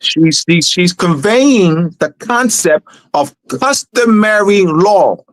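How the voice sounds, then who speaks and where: A man with a high voice, recorded dry and close. He hosts a live teaching discussion and drives his points home with emphatic repetition. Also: lively intonation, takes it slowly, dry recording. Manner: emphatic and repetitive, urging listeners. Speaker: host.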